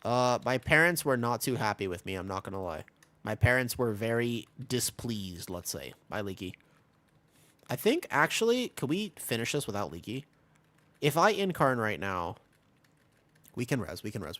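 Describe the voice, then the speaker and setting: A man in his twenties has a lowish voice and a moderate pace, with no room sound. Playing a game on stream, he rambles through a casual story between callouts, quoting others in animated voices.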